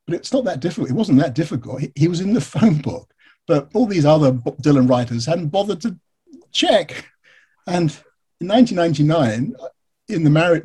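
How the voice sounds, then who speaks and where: Husky Englishman telling a lively story. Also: on the high side. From England. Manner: animated storytelling, frequent fillers and restarts. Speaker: author and biographer, interview guest. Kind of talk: conversational interview.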